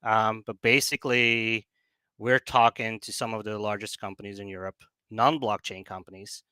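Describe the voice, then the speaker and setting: A man's voice: on the low side, flat delivery, normal speed, bright, forceful tone, smooth, no echo. A man on a remote call, explaining things as a business developer in a casual chat, with many fillers and restarts. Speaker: guest, project business developer.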